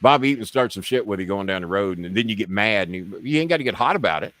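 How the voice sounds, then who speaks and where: Low-voiced rambling man hosting a stream. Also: animated, fast talker, a bit bright, no echo. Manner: rambling, profane, bargaining with viewers. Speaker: show host. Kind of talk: casual live-stream chat.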